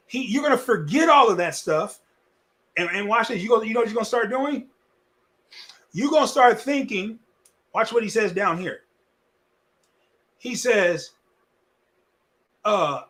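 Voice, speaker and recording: Male pastor, animated sermon, somewhat high voice, folksy and repetitive, moving between loud and hushed. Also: normal speed, long pauses. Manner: lively preaching with wide swings between loud and hushed.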